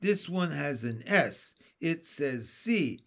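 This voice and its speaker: A man's voice: fairly high pitch, expressive, takes it slowly, vocal fry, full character voice. A man reading the lines of a capable, caring older sister in a storybook, in an encouraging tone.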